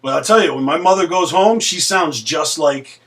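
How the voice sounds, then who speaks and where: A man, a guest on a casual chat show, speaking in an even, clear, newscaster-like way. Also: on the high side, normal speed.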